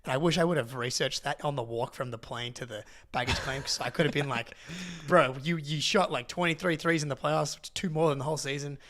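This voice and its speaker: A young Australian man, co-host of a podcast, telling a long story in an excitable, rambling way with lots of restarts. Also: on the high side, a little fast, no room sound. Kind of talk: casual storytelling.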